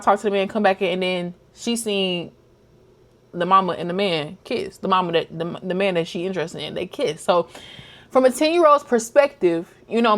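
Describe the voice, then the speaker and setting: A young woman vlogger chatting casually, retelling a book's plot and acting out the characters' lines. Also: mid-range voice. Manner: animated storytelling, acts out characters' lines. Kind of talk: casual chat recapping a book.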